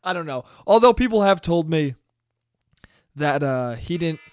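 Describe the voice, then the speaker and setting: A man's voice: a little high, lively intonation, a little fast, no echo, studio quality. A young man hosting a solo podcast, ranting casually with exasperation and plenty of profanity. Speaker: podcast host.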